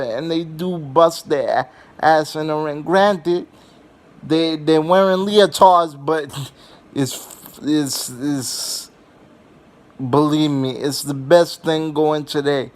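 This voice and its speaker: Slow, rambling young man, profane storyteller. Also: on the high side, fairly even intonation. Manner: rambling and profane, with many fillers and restarts. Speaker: vlogger. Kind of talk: casual comedic storytelling.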